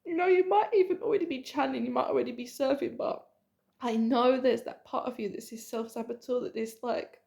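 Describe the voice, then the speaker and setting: A woman spiritual coach giving an emotional, earnest sales pitch, repeating herself and speaking intimately to the listener. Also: brisk, gravelly, darkish tone. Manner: earnest, repetitive, swears casually; addresses the listener intimately as hun and babe.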